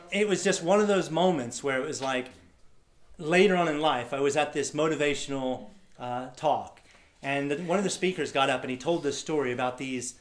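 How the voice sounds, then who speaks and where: A man's voice: mid-range voice, reverberant. A man telling stories to an audience as a motivational speaker, acting out the voices of people he met and laughing often. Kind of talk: storytelling talk to a live audience.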